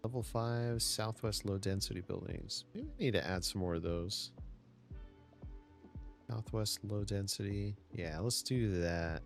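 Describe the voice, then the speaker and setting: Slow, gravelly male game streamer. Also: fairly low pitch, soft background music. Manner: slow, muttering narration of his own moves. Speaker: gaming streamer. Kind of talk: casual gameplay commentary.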